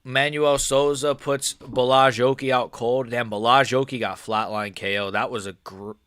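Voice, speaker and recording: A man giving casual live-stream commentary as an MMA YouTuber, rambling and excitable, often restarting his sentences. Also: mid-range voice, moderate pace, no echo, clean studio sound.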